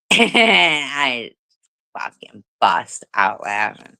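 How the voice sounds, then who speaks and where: Woman with a clear, bright voice. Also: a bass voice, lively intonation, unhurried, no room sound, low-quality recording. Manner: laughs often, swears casually, rambling. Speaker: livestream host. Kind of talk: casual storytelling chat. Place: home livestream.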